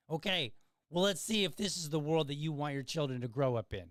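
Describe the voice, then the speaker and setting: A man's voice: on the high side, expressive, fairly quick, a bit bright, dry recording. A man hosting a casual commentary podcast, talking in a sarcastic, wry way with chatty asides to his listeners. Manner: talkative, conversational asides. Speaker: podcast host.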